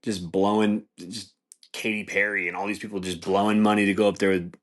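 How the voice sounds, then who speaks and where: A man's voice: fairly low pitch, level tone, fairly quick. A man hosting a podcast, rambling in casual chat with a lot of swearing and restarts. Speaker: podcast host.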